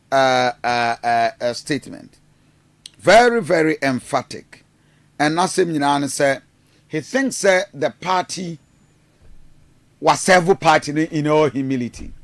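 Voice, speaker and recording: A man's voice: a little high, fairly bright tone, no echo. A man with a Ghanaian accent giving rambling, hesitant political commentary, mixing in Twi phrases. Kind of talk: casual news commentary.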